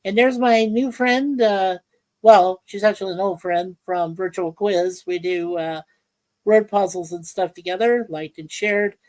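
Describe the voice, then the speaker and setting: A woman's voice: medium pitch, fairly even intonation, a little mellow, rough recording. Rambling woman hosting a livestream. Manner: rambling, halting, many fillers, greets chat by name. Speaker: livestream host. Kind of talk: casual livestream chat. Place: home in Ontario, Canada.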